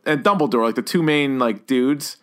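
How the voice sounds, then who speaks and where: A man co-hosting a casual podcast chat, joking and animated, sometimes jumping into a high mock voice. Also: normal speed. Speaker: podcast co-host.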